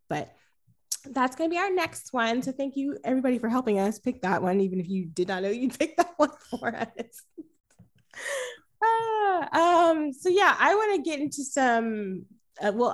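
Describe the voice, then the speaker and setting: A woman hosting a casual film-review podcast, rambling, self-correcting and laughing often. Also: a little high. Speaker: podcast host.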